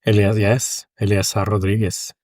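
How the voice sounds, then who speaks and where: A man with a Mexican accent talks as a podcast guest. He tells anecdotes in a lively way, his voice close and dry with no room sound. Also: lowish voice, moderate pace, no room sound. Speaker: guest opera tenor. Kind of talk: casual interview chat.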